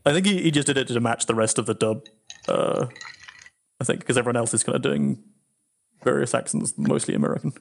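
A man explains the plot of a film to friends, hesitant and stumbling over his words. His voice sits in an ordinary middle pitch. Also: brisk, gravelly, long pauses. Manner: hesitant, stammers and restarts. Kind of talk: casual film discussion.

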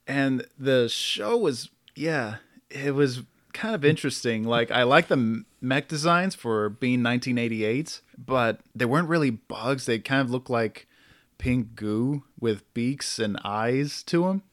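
A man of middle pitch hosts a relaxed podcast conversation. He chuckles often and trips over hard names as he talks. The sound is dry and close. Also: a little slow, no echo. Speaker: podcast host. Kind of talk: casual podcast chat.

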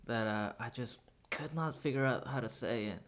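A man co-hosting a podcast in casual chat, telling stories with animated energy, often laughing and swearing. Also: medium pitch, normal speed. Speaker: podcast co-host.

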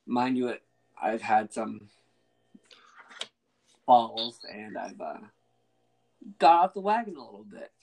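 A man's voice: medium pitch, very animated, slow pace, creaky, pauses often, a little mellow. A young man hosting a podcast in casual chat, rambling with fillers and restarts. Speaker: podcast host.

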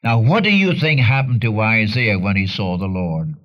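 A man's voice: lively intonation, moderate pace, lo-fi sound. A man preaching a sermon in a blunt, earnest way, his voice jumping up sharply to stress a point. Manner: earnest and blunt, with sudden rises in pitch for emphasis.

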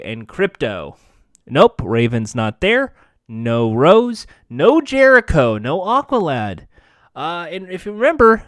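A man's voice: on the high side, clear, resonant tone, dry recording, studio quality. A man casually recapping a TV episode with sarcastic, profane jokes. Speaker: show recap host.

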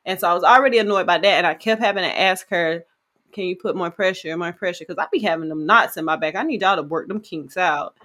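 A woman co-hosting a casual podcast, telling stories in an animated, slangy way and talking to her listeners. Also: on the low side, fast talker, few pauses. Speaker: podcast co-host. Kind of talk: casual chat, storytelling.

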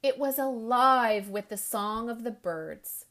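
Unhurried woman reading a storybook. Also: fairly high pitch, lively intonation, a bit bright. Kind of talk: storybook read-aloud.

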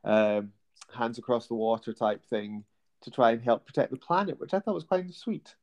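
A man's voice: medium pitch, animated, moderate pace, a little mellow. A man hosting a casual chat podcast, rambling and hesitant, with plenty of fillers as he feels his way through points. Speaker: podcast host.

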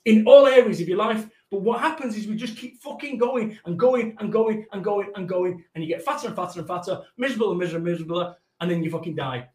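High-voiced man swearing emphatically. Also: fast, few pauses, reverberant, poor audio. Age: middle-aged. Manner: profane, emphatic, animated storytelling. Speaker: business coach, guest. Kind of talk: podcast conversation.

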